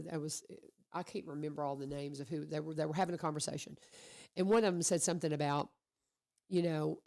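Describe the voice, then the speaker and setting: A woman hosting a radio show, chatting casually with her guest and telling animated stories. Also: sits low. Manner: chatty, animated storyteller who acts out quotes. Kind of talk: casual conversational interview. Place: radio studio.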